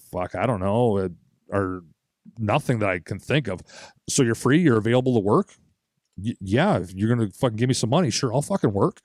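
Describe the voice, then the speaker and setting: A man's voice: lowish voice, expressive, fairly quick, darkish tone, no room sound, clean studio sound. A young man co-hosting a podcast, telling a long story in a casual, profane way and acting out other people's lines. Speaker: podcast co-host.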